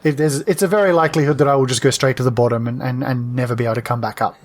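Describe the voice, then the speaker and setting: A man's voice: mid-range voice, fairly even intonation, racing. A man, a tabletop game player, chatting and rambling with giggles. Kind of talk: casual chat.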